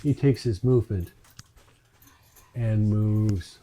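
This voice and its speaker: A man's voice: lowish voice, slow pace, mellow, a little hiss or hum. Man running a tabletop game. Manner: narrates actions, calls for rolls. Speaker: dungeon master.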